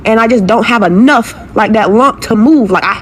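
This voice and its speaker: Speaking at normal speed with a slightly high voice, a young woman in a viral clip vents to her followers about what she's struggling with. Her rant is profane and exasperated, full of repetition, with a bit of background noise.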